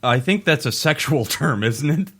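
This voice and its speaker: A man with a bright, fairly high voice trades teasing jabs in casual podcast banter. He laughs often and ribs his co-host. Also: expressive, moderate pace, slightly rough.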